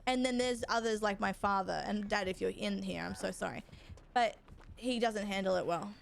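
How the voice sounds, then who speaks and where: A woman's voice: medium pitch, moderate pace, creaky. A young woman, chatting casually with her chat while gaming, rambling and swearing freely. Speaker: streamer.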